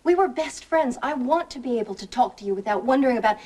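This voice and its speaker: An actress playing an earnest, troubled young wife in a soap opera, from an old TV tape. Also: female voice, a little high, animated, quick pace, slightly rough. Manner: earnest, emotional. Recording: old TV tape with soft music.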